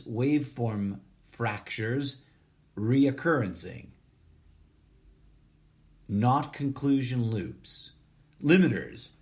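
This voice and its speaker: A mid-range male voice reads a short story aloud in a deadpan, measured style, even voicing the punctuation and formatting.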